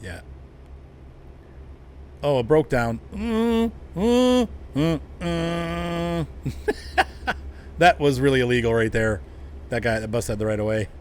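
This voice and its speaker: Brief: male game streamer, easygoing rambling commentary, average pitch, slight vehicle hum behind. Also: fairly even intonation, measured pace, long pauses. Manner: rambling, chatting with viewers, laughing often. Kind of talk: casual live-stream commentary while driving a truck game.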